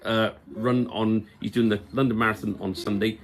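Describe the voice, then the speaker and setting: A man's voice: on the low side, steady tone, moderate pace, music in the background. Easygoing man reading comments. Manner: easygoing, reads viewer comments aloud. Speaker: livestream host reading comments. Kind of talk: casual livestream chat.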